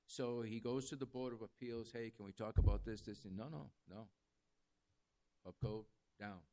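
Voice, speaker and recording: A man who works as a jail chaplain, telling a story in sermon style and acting out the people he quotes. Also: on the low side. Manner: animated storyteller quoting others in lively voices.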